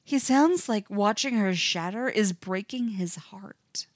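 Woman reading a romance story, slow and intimate, dry close sound. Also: mid-range voice, no echo. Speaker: narrator. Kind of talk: reading fan fiction aloud.

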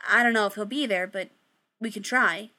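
A woman reading a story aloud voices a determined young woman slayer who speaks in a brisk, reassuring way. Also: mid-range voice, sharp tone, close to an everyday voice.

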